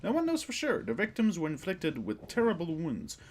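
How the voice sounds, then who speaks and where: A man's voice: sits high, wildly swooping pitch, slight background noise, pitched above the performer's own voice. A man reading a formal, grave doctor. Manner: measured, formal, explanatory. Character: older male doctor bringing grim news.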